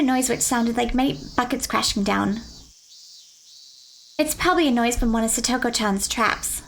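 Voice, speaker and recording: A woman's voice: fairly high pitch, moderate pace, vocal fry, a bit bright, slight background noise. A woman reading a visual novel aloud, with playful joking asides to her listeners.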